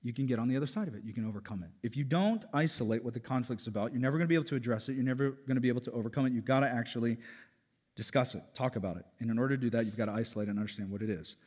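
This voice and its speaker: A man preaching a sermon as pastor, animated and joking, with loud emphatic peaks. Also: mid-range voice, rapid-fire, slightly rough. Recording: long hall reverb.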